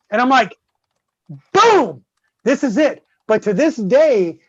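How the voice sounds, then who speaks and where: A man tells a story loosely and profanely. He gets louder and livelier at the big moments. The recording is dull and dry. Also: very high-pitched, no room sound. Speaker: guest host. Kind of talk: casual storytelling.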